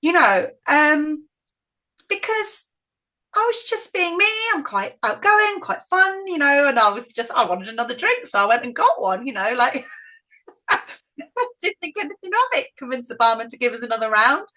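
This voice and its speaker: A middle-aged woman with a northern English accent, telling stories as an interview guest in an outspoken, animated way. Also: high voice, moderate pace. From northern England. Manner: outspoken, animated, acts out quoted voices. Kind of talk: casual interview storytelling.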